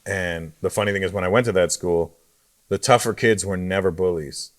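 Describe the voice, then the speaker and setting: A middle-aged man, a comedian guest, telling stories in a relaxed way with dry jokes in a casual interview chat. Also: sits low, moderate pace.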